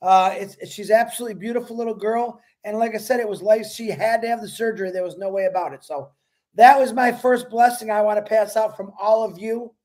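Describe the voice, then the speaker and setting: A man's voice: sits high, steady tone, fairly quick, a little mellow. A man hosting a livestream, talking in an earnest, rambling way and thanking viewers by name; he is emotional. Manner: earnest, religious. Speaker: livestream host.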